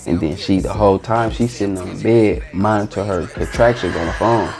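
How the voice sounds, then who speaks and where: A brisk, lowish voice with vocal fry and a darkish tone belongs to an interview guest from East Oakland, California. He tells a loose, slang-filled story and re-enacts its dialogue, accompanied by soft background music.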